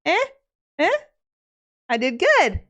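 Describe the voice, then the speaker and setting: A woman's voice: high-pitched, wildly swooping pitch, slow pace, voice pushed up, exaggerated voice. A woman playing a boastful, self-satisfied king. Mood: smug. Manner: loud, self-congratulating. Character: boastful old king, pleased with himself.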